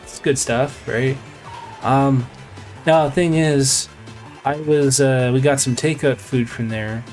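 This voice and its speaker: A man streaming live and chatting with viewers as he tells a long, meandering story. His voice sits at an ordinary middle pitch, and he keeps stopping to restart his sentences. Faint music plays behind him. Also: steady tone, slow pace, a little mellow. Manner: rambling, with many fillers and restarts. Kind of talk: casual storytelling to stream chat.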